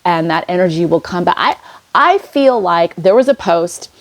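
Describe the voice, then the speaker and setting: A woman speaks in a casual, meandering way about spiritual lessons, her voice sitting a little low. She pauses often, restarts her sentences and fills gaps with ums and you-knows, sounding like an unscripted vlog. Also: expressive. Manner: rambling, many fillers and restarts. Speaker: spiritual vlogger. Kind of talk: casual inspirational monologue.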